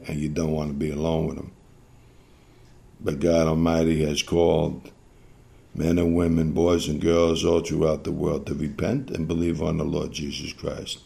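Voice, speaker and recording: A man's voice: a bass voice, creaky, darkish tone. A man preaching a sermon, earnest and exhorting, often repeating phrases for emphasis.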